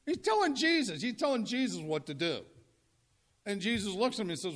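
A man's voice: high-pitched, sing-song, fairly quick, fairly bright tone. An older man preaching a sermon in a conversational, humorous way, often asking the audience questions. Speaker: pastor.

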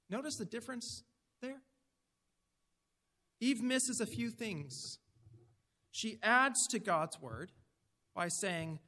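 A man's voice: sits high, expressive, unhurried, long pauses, pushed and bright, in a large hall. A man preaching a sermon in an earnest, emphatic way, putting direct questions to his listeners.

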